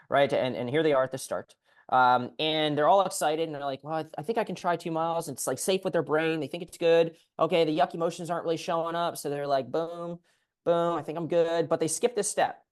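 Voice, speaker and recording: Male PT coach on a call, animated, acts out client lines. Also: a little high. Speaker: physical therapist coach.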